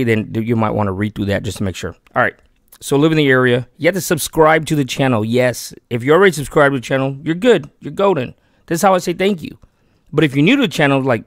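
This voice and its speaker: A man's voice: medium pitch, dry recording, clean studio sound. A man hosting a fishing channel, chatting casually and eagerly about fishing gear and a giveaway. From Texas. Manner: chatty and excitable, talks himself out of keeping the gear. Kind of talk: casual giveaway vlog talk.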